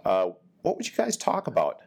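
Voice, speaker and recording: A man with a very low voice hosts a casual podcast interview. He runs a rapid-fire question round with an upbeat, teasing manner. Every question carries a little joke. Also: huge pitch swings, gravelly, darkish tone. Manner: upbeat, joking quizmaster. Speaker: podcast host, command chief.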